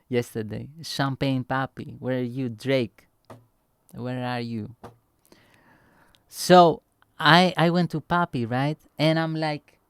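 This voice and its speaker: Young man for a casual vlog; loose, chatty storyteller, smooth voice, mid pitch. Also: dry recording. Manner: rambling, animated, heavy filler words like "right?" and "boom". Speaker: vlogger.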